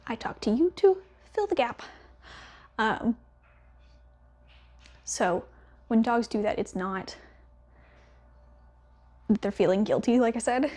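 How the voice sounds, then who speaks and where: Breathy woman dog trainer, calm and steady. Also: medium pitch. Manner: calm, steady, softly praising with quiet whispers. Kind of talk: training demonstration with explanation.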